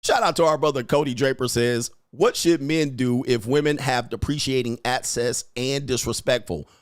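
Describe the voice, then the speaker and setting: A man's voice: medium pitch, moderate pace. A male livestream host giving brash, profane, combative commentary and laughing often. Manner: frequent laughter.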